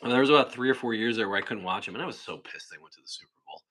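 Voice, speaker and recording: A man's voice: medium pitch, expressive, a bit bright, husky. Guy rambling on his livestream, reading chat, voice bouncing all over. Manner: rambling, chatty, quick asides. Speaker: livestream host. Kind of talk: casual livestream chat reading viewer comments.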